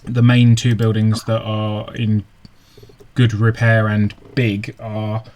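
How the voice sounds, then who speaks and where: A man narrating as game master, halting with many ums and restarts. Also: on the low side, monotone, darkish tone. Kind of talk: narrating a tabletop game online.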